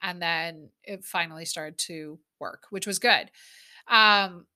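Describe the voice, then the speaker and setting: A woman with a bright, clear voice, chatting through her story in a loose, unscripted way. She is blunt and candid, swears without a second thought and fills her sentences with "like.". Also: lowish voice, slow. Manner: candid and chatty, swears freely, many fillers of "like". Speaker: mother telling her birth story. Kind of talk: casual storytelling.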